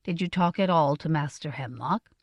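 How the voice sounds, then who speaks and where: A woman voicing a stern, measured middle-aged merchant father in an audiobook, speaking in an earnest, deliberate way. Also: low voice, no room sound, dull audio. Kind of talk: audiobook character voice.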